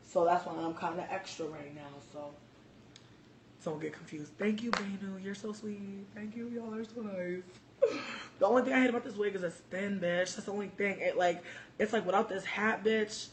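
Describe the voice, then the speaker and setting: A livestream host ranting to viewers in a brash, loud, profane and sassy way, speaking from a bar. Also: mid-range voice, fairly even intonation, normal speed, slight background noise. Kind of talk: brash casual rant to viewers.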